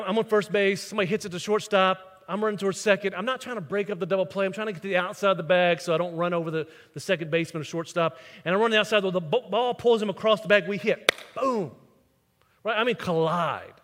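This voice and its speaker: Mixing scripture and storytelling, this pastor voices the people he quotes as he preaches. He has a slightly bright voice that sits high for a man, and the recording carries a large hall's long reverb.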